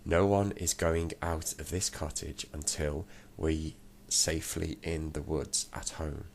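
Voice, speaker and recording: A man reading out a brisk, bossy magical little man in a children's storybook. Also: a bass voice, flat delivery, creaky, darkish tone, slight background noise, exaggerated voice. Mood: decisive.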